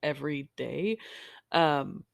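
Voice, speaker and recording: A woman's voice: low voice, takes it slowly, vocal fry, no echo. A woman in her thirties co-hosting a podcast, chatting casually with a stuffy, nasal voice from allergies and acting out family moments as she tells stories. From Oregon, US. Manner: animated storytelling, acting out family quotes. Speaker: podcast co-host. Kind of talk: casual chat.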